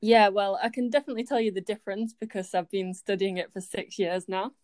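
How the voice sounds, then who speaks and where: A woman's voice: medium pitch, fairly even intonation, quick pace, darkish tone, no echo, studio quality. A woman in her twenties from Yorkshire, a student chatting as an interview guest, with frequent ums and easy laughter. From Yorkshire, England. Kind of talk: casual interview chat.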